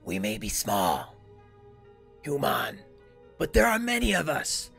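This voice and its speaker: A man voicing a small, hostile male kobold warrior who yells in a high, shrill voice. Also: wildly swooping pitch, takes it slowly, vocal fry, soft background music, heavily acted. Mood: threatening. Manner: shrill yelling.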